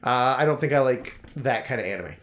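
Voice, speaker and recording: A man's voice: mid-range voice, expressive, fairly quick, fairly bright tone. A man co-hosting a podcast in casual chat, blunt and teasing with a mock-exasperated edge. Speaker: podcast co-host.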